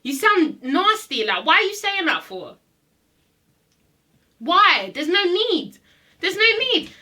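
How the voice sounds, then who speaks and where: A woman's voice: very high voice, big pitch swings, slow pace, bright, forceful tone. A woman recapping a reality TV episode in a blunt, sassy rant, swearing freely and repeating herself for emphasis. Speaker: reality TV reviewer. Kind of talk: casual ranting recap.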